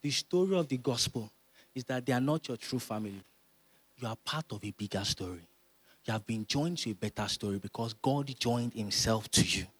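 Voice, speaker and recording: A man, preaching a sermon as pastor, emphatic and repeating phrases as he builds to loud exhortation. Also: medium pitch, animated, moderate pace, husky. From Nigeria.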